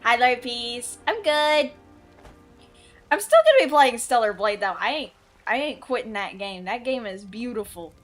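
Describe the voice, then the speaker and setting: A woman streamer chats casually with her viewers while playing, blunt and quick to swear. Her voice sits fairly high, with faint game music behind her. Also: lively intonation. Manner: chatty and blunt, swears freely. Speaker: VTuber streamer.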